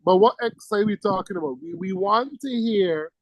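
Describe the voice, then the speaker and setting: A male teacher giving a classroom lecture, lively and teasing, firing questions at his students. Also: high-pitched, moderate pace, low-quality recording.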